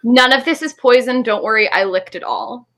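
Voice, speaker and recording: A woman's voice: fairly high pitch, lively intonation, normal speed, a bit bright. Dry-witted comedian woman from the South. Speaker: comedian panelist. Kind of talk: improv comedy game show answers.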